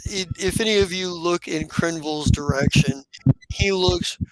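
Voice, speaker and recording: A man narrating as game master of a tabletop game, halting with many restarts. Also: sits high, crowd noise, low-quality recording.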